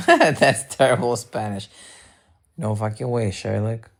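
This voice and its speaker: With a bass voice, slow pace and animated delivery, a woman livestreamer speaks directly to her chat. She's casual and blunt with her viewers, cracking jokes and swearing freely as she talks back.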